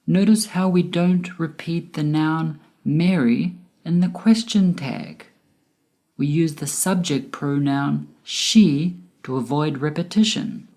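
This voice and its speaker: A woman with a low, mellow voice narrates a grammar lesson. She speaks at an unhurried pace and pronounces each word clearly, like a teacher reading from a script. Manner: slow, careful, clearly enunciated explanation. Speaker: English teacher.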